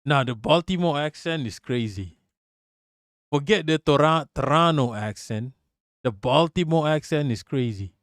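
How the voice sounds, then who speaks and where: A man's voice: fairly high pitch, animated, unhurried. A man hosting a casual live reaction stream, loose and profane, laughing often.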